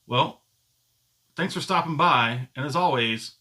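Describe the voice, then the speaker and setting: A middle-aged man hosts his own video channel, spinning a casual story to camera. His talk wanders and corrects itself mid-sentence. The voice has a bright, forceful edge. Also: mid-range voice, unhurried. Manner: rambling, self-correcting talk. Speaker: channel host.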